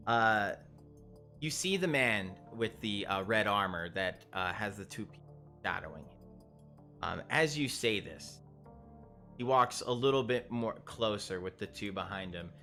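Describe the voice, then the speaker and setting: A man narrating a tabletop game as game master, casual and halting, with many fillers and restarts. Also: lowish voice, pushed and bright.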